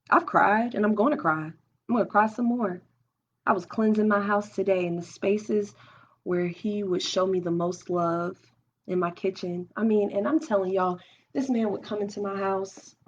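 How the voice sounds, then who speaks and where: A young woman hosting a live stream at home, talking openly and emotionally through her own experiences, thinking aloud with many restarts. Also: medium pitch. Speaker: livestream host. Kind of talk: candid personal talk on a live stream. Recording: dull lo-fi stream audio.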